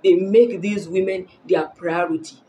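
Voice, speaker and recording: A woman with a slightly low, full voice lectures men on dating in a firm, preachy tone. She hammers her points home by repeating them. Her delivery is direct and confident, with a faint hum underneath. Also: steady tone, a little slow, dark tone, poor audio. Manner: emphatic, preachy, repeats phrases for emphasis. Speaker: dating advice vlogger. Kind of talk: direct-to-camera advice talk.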